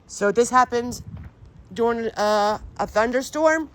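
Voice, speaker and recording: A woman's voice: fairly high pitch, measured pace. A woman vlogging a paranormal walk outdoors, questioning spirits aloud and talking to her viewers. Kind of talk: casual ghost-hunting vlog. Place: outdoors, sunny rural grounds. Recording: outdoor recording with background noise.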